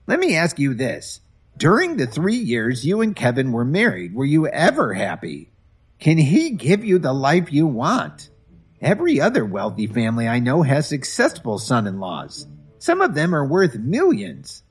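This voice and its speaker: A man's voice: a little high, wildly swooping pitch, normal speed, slightly rough, pitched above the performer's own voice, full character voice. A man voicing a domineering, scornful middle-aged mother who nags and talks down to people. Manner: nagging, contemptuous, loud.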